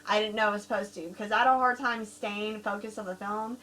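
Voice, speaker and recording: A woman co-hosting a casual horror-film review, telling stories in a giggly, animated way. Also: mid-range voice, fast talker, a little hiss or hum, low-quality recording. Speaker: co-host reviewing horror films. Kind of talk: casual chat.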